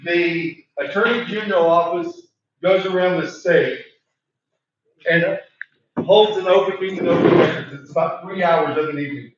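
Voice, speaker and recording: A man leading a training session, asking the room questions and repeating words for emphasis, clearing a voice he is losing. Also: high-pitched, moderate pace, background noise. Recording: very echoey room, distant mic, muffled.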